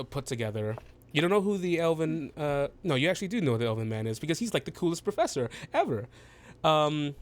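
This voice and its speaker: A man narrating as game master, halting with many fillers and restarts. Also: fairly high pitch, clear, resonant tone.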